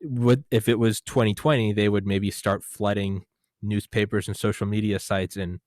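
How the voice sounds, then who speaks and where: A man's voice: fairly low pitch, steady tone, moderate pace, a little mellow, dry recording, clean studio sound. An American man hosting a podcast, talking casually in a rambling, jokey way with a lot of swearing. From United States. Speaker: podcast host.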